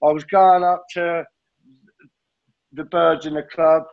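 A man's voice: a little high, little pitch movement, slow pace, creaky, pauses often, muffled recording. A middle-aged man sharing his addiction recovery story in a rambling, blunt way, swearing and saying mate constantly.

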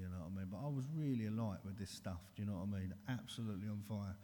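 A man's voice: on the low side, quick pace, warm tone, a little hiss or hum. A man giving an earnest, blunt recovery share, talking straight and calling everyone mate, in a large hall. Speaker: recovery speaker. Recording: long hall reverb.

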